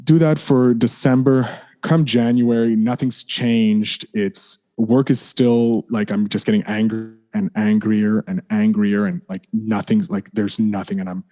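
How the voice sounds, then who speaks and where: A man with a fairly low, mellow voice tells a candid personal story as a podcast guest. He rambles, leans on "like," restarts his sentences, and apologizes for swearing. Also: level tone, a little slow.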